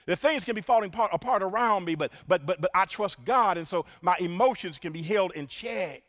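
A man preaching a sermon, stammering repeats and calling the congregation y'all, swinging from hushed lines to loud praise. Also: sits high, animated, a little fast. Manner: repeats words in bursts, addresses crowd as y'all.

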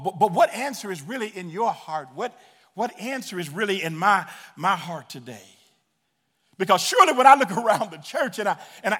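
A male preacher tells a sermon story in a church, animated and repeating himself as he speaks right to the people. His voice sits fairly high. The room gives a long, echoing reverb. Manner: animated, repeats words, talks to the crowd.

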